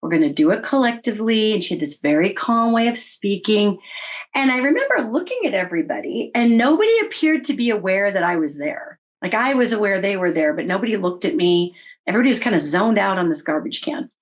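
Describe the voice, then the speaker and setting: A middle-aged woman telling her own story in a casual interview, wry and animated, often voicing her own past remarks. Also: medium pitch, a little fast. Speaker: interview guest recounting experiences.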